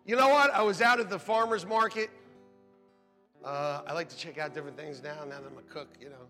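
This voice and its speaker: A man pastor preaching a sermon in an animated, joking way, laughing often as he speaks to the congregation. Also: on the high side, fairly quick. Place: church sanctuary. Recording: long hall reverb with faint music.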